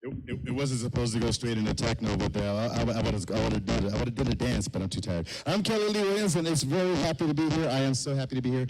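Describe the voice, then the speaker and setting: A man's voice: medium pitch, lively intonation, quick pace, few pauses, darkish tone, poor audio. A middle-aged man hosting a live comedy show in a kava lounge, rambling and mocking himself with stumbling restarts.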